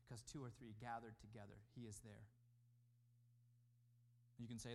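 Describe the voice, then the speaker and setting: A man preaching a sermon as pastor, emphatic, rising and falling in loudness. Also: medium pitch, fairly quick.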